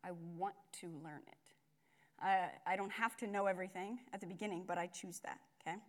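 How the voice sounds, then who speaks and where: A woman's voice: medium pitch, steady tone, brisk. A young woman giving a casual, conversational sermon with lots of fillers and asides. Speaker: speaker at a church gathering.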